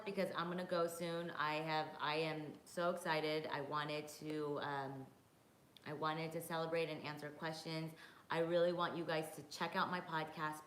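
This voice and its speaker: A woman's voice: low voice, fairly bright tone. A woman hosting a casual live-stream Q&A, chatting with viewers and reading their comments aloud with plenty of fillers. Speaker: boxing podcast host. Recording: echoey room with faint noise.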